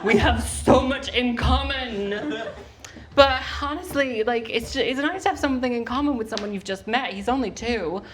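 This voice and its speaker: A young woman performing a stand-up comedy set on a live stage, with quick, wry, deadpan delivery. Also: on the high side, a little hiss or hum.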